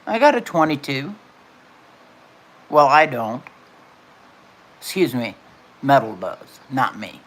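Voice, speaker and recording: A woman's voice: rumbling low, big pitch swings, slow, pauses often. An older woman hosting a casual livestream from home, chatting and answering her viewers' comments by name. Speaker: livestream host.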